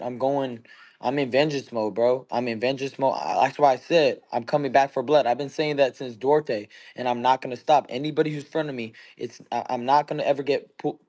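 A man's voice: medium pitch, darkish tone. A young man in his twenties, a boxer talking bluntly and heatedly in casual chat, swearing constantly. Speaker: boxer guest.

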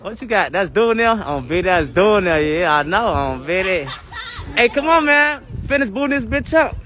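A young man streams live from his phone outdoors on a city block, his voice high and bright. He keeps hyping his viewers, talking in loose, profane street slang. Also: big pitch swings, normal speed. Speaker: livestream host. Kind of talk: casual livestream chat.

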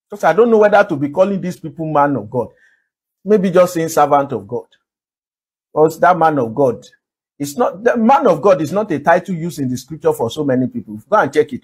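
A man's voice: high-pitched, slightly rough. A man preaching a sermon, earnestly asking rhetorical questions and repeating phrases for emphasis. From Nigeria. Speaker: pastor.

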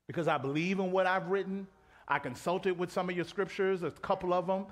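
A high-pitched man preaching a live sermon to a church congregation. He talks in a lively, conversational way and keeps calling out to the room for a response. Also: a little fast. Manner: animated, conversational, calls out to the congregation. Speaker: pastor. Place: church auditorium.

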